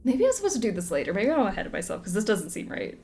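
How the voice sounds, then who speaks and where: A woman's voice: mid-range voice, wildly swooping pitch, rapid-fire, a little mellow. A young woman chatting through a video game playthrough, giggly and second-guessing herself. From Southern United States. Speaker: game streamer. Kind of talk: casual let's-play commentary.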